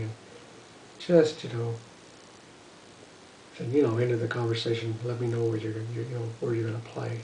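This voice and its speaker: A man's voice: mid-range voice, mellow, slight background noise. Older man, casual storyteller, rambling with fillers, echoey room, mic a bit far off, faint ambience. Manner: rambling, lots of "you know" and "uh". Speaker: musician telling stories. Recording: roomy echo, voice from a distance.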